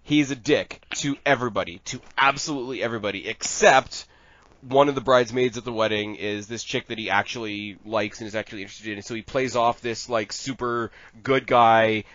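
A man's voice: mid-range voice, a bit bright, dry recording. A man in a casual fan-casting chat, rambling and crude, laughing often. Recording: dull lo-fi sound.

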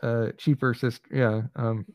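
Gravelly man rambling wryly. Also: medium pitch, steady tone, unhurried, no room sound, clean studio sound. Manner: rambling, hesitant restarts, wry. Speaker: podcast co-host, film reviewer. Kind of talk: casual chat.

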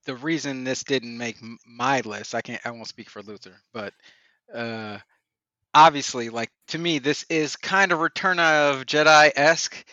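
A man giving his opinions in casual podcast talk, measured and opinionated. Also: medium pitch, pushed and bright, no room sound, highs cut off. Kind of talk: casual movie discussion.

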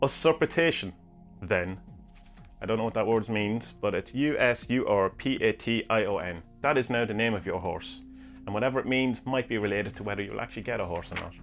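A man's voice: on the low side, brisk, soft background music. A man hosting a podcast, musing aloud through listener questions in a rambling way with many hesitations. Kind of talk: casual chat reading omens from books.

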